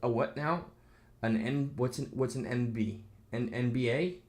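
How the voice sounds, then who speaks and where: A man's voice: medium pitch, fairly even intonation, normal speed, darkish tone. A man rants to the camera in a loose, rambling way, full of sarcastic asides. His voice sits in an ordinary middle register. Now and then he breaks off to read comments in a mocking tone. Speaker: video commentator. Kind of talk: casual reaction rant.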